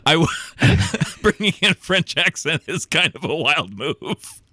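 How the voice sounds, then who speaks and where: A man co-hosting a podcast in casual chat, adding quick laughing asides. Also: on the high side, very animated, sharp tone, no echo. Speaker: podcast co-host.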